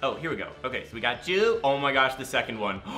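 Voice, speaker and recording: A young man giving excited gameplay commentary, gushing and talking straight to his fans while very tired from little sleep. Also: medium pitch, fast talker, faint music behind. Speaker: gaming YouTuber.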